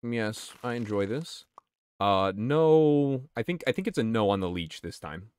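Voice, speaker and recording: Man, deep voice, casual game commentary, chatty, swears a lot. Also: sing-song, measured pace, darkish tone, clean tone. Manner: chatty and profane, answering chat. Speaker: game streamer.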